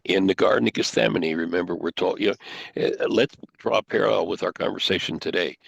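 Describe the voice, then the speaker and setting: An older man hosting a talk show, teaching in an animated way and acting out the quoted dialogue. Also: deep voice, creaky, no echo, rough recording. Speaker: host.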